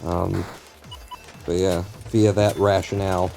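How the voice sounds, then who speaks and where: A man's voice: lowish voice, normal speed, mellow, faint music behind. A man streaming a game live, talking to himself and the game in a rambling, profane way. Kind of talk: live gameplay commentary.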